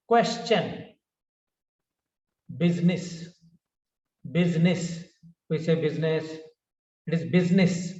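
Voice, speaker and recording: Guy teaching pronunciation, higher voice, slow word by word drill, dull lo-fi echoey recording. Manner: repeats each word slowly, correcting common mistakes. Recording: roomy, distant, dull lo-fi sound.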